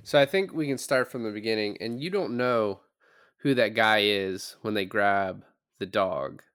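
A man's voice: lowish voice, unhurried, clear, resonant tone, no echo. Man chatting casually about a movie, dry sound. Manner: animated, swearing, laughing often. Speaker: podcast co-host. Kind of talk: casual movie review chat.

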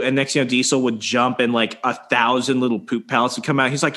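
A young man casually telling a story, swearing freely and acting out quotes with animated delivery. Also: mid-range voice, a little fast. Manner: profane, animated, acts out quotes.

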